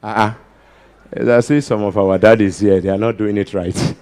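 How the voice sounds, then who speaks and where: A man with Nigerian Pidgin-inflected English works as a comedian emcee at a ceremony, doing live stand-up banter and coaxing the crowd to applaud. His voice is lowish and darkish, with fairly even intonation and normal speed. He keeps things jokey, switching into Pidgin as he draws applause.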